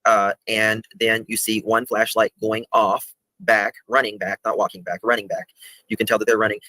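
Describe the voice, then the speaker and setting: Man, low-ish bright voice, halting explainer, dry close sound. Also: little pitch movement, no echo, low-quality recording. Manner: halting, many restarts, walks through footage. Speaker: guest presenting a video. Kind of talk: casual explanation over video call.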